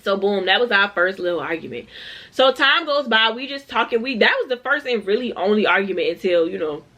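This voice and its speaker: A woman in her twenties, a vlogger telling a storytime tale in an animated, slangy way, talking straight to her viewers. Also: medium pitch, brisk, muffled recording. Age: 20s. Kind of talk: storytime vlog.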